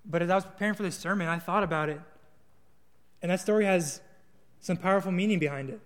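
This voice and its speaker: A man's voice: sits high, fast, fairly bright tone, big-room sound. A young man preaching a sermon, telling stories in a casual, earnest way with small restarts. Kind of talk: sermon with storytelling.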